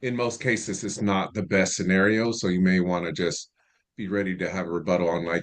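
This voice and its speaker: A man in his forties in a sales discussion, explaining in a relaxed, practical way. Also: low voice, fairly quick. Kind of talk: casual group discussion.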